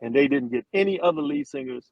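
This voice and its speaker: A middle-aged man, an interview guest, telling a long story with lively quoted voices and many restarts. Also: on the high side, fast talker, creaky, dry recording, muffled recording. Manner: animated storyteller, acts out quotes, frequent restarts. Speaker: interview guest, former football player and singer.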